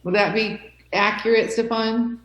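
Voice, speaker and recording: A woman's voice: fairly high pitch, fairly even intonation, a little slow, reverberant, rough recording. A woman teacher talking to her class, reassuring and checking in with "okay?" and "right?" as she goes. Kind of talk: classroom talk.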